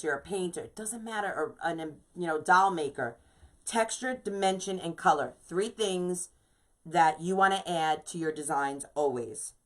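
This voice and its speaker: New woman, lowish voice, chatty live craft teacher who greets viewers as she goes. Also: fairly bright tone. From New York. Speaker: wreath designer teaching a live class. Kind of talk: casual live-stream craft tutorial.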